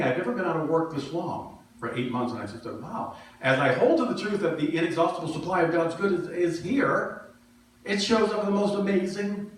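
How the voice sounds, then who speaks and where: Middle-aged male minister, chatty storytelling sermon, heard from afar in a booming, reverberant sanctuary. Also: a little hiss or hum. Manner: conversational storytelling, self-deprecating humor. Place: church sanctuary. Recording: echoey hall from far off.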